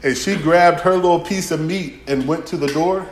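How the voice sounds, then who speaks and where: A man preaching a sermon, telling lively stories and acting out dialogue. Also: fairly high pitch, normal speed, echoey room, a little hiss or hum.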